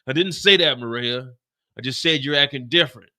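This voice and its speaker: A man's voice: medium pitch, a little fast, bright, forceful tone. A man voicing a drug dealer scolding his sister in a pushy voice. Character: adult male drug dealer, stubborn brother.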